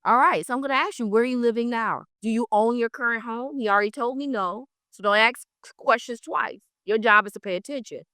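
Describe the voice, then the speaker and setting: An energetic woman leads a live training class and speaks straight to her students. Her voice sits fairly high and sounds bright and forceful. The recording is dry and close. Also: brisk, few pauses, no echo. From South Florida. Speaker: real estate trainer.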